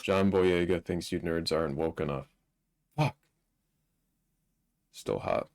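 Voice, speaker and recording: A man's voice: sits low, expressive, takes it slowly, vocal fry, a little mellow. A man co-hosting a live stream, reading news headlines aloud with a dry, profane running commentary. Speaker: streamer co-host.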